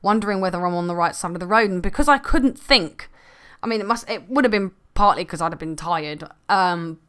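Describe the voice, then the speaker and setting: A woman's voice: lowish voice, brisk, clear, resonant tone. Chatty woman vlogger who laughs a lot. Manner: chatty, laughs often, trailing off into quiet asides. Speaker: gaming vlogger. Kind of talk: casual chat to camera.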